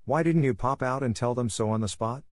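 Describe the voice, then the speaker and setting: A man's voice: mid-range voice, fairly quick, dry recording, voice pushed up, natural voice. A blunt, spirited tomboy girl from a classic storybook , as a male reader puts her on. She talks in a raised, outspoken voice, close and dry. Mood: indignant. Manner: blunt, indignant. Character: lively outspoken teenage tomboy sister.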